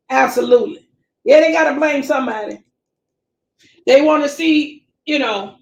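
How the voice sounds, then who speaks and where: A woman's voice: high-pitched, vocal fry, roomy sound, poor audio. A woman who hosts a casual livestream, chatting with viewers and reading out their comments, repeating herself and starting over a lot. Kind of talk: casual live chat commentary.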